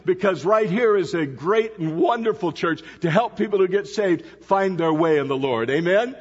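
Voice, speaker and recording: In a church sanctuary, a man preaches as a guest pastor, his high, slightly rough voice expressive and at normal speed. He tells stories and questions the congregation, and the recording sounds dull with a long reverb tail.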